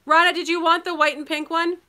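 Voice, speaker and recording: A woman's voice: very high voice, pushed and bright. A woman from Minnesota hosting a live online sale in casual, enthusiastic chat, laughing often.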